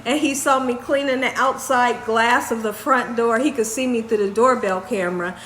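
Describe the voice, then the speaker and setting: Bright high-voiced woman in an echoey room. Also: moderate pace. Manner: animated, laughs while telling. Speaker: vlogger. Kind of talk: casual storytelling vlog. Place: home kitchen. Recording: echoey room, faint background noise.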